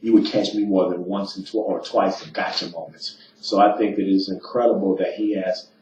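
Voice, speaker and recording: A man's voice: low-pitched, fairly even intonation, fairly quick, darkish tone. A man from the eastern United States hosting a political talk show, speaking emphatically and rambling with frequent "uh"s and restarts. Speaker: radio show host. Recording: roomy, distant, dull, slightly noisy.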